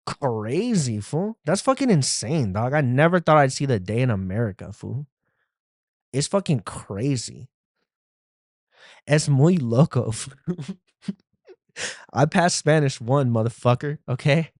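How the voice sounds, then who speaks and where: In a comedic podcast bit, a male host voices a vulnerable young street dude who drawls slang and ends phrases with "fool" or "dog," in a laid-back mood. His medium-pitched voice is expressive and darkish, at a measured pace with long pauses, recorded dry on a phone in a dry room.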